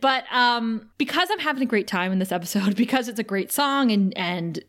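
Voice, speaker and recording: A woman's voice: on the high side, lively intonation, a little fast, fairly bright tone. A woman from Canada co-hosting a podcast in casual chat, giggly and playful, often acting out scenes in voices. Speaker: podcast co-host.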